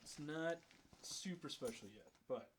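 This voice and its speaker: A young man in his twenties co-hosting a casual podcast chat, rambling and halting with fillers and restarts. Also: a little high, lively intonation, very noisy. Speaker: podcast co-host.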